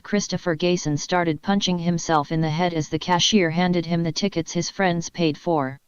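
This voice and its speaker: A woman narrating a crude comedy story in a deadpan manner, in a dull lo-fi recording. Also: on the low side, moderate pace, few pauses, clear, resonant tone, dry recording.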